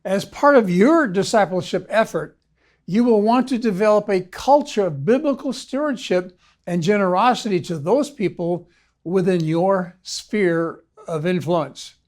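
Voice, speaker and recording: A man, a ministry consultant, reading a scripted video lecture in a measured, formal way. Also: high-pitched, a little mellow. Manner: measured, formal read-aloud delivery. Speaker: ministry consultant and course instructor.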